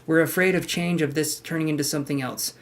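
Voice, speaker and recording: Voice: medium pitch, fairly even intonation, fast talker. A tarot reader giving a casual live-streamed reading, chatty and talking straight to the viewer with frank asides.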